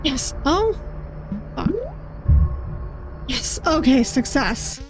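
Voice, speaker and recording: Slow, high-voiced woman playing a game. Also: darkish tone, soft background music. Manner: reads dialogue aloud with playful voices and laughs. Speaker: streamer playing a visual novel. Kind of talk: casual game playthrough, reading text aloud.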